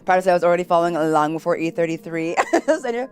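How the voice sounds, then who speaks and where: A woman streamer chatting casually with her live viewers, giggly and bubbly, switching between loud excited greetings and quiet asides. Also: on the low side, soft background music. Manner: bubbly, giggly, quick to laugh.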